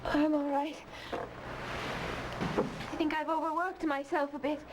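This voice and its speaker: An actress playing a pale, dreamy young woman in a 1990s game, speaking softly and wistfully with a put-on British accent. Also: high voice, level tone, slow pace, heavy background noise. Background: game music.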